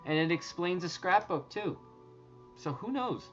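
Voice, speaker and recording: A man talking casually to his viewers, rambling and excitable, swearing and restarting his sentences often. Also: sits high, unhurried, highs cut off, soft background music. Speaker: treasure hunt vlogger.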